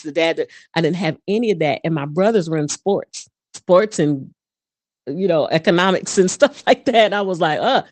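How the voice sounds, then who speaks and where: A woman guest, a voice coach and performer, speaking in an animated, fast storytelling manner in a casual interview. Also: fairly low pitch, no echo.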